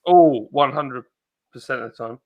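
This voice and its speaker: A man's voice: mid-range voice, normal speed, narrow, tinny audio. A man hosting a casual livestream, chatting and reading viewers' comments aloud in a rambling way. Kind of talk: casual chat.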